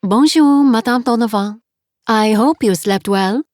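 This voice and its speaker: A woman putting on a bright, fussing French landlady, heavy French accent, raised voice, storybook reading. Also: on the high side, unhurried, dry recording, studio quality, voice pushed up, lightly acted. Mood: cheerful. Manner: warm, fussing, heavily accented English. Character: cheerful motherly French guest house landlady.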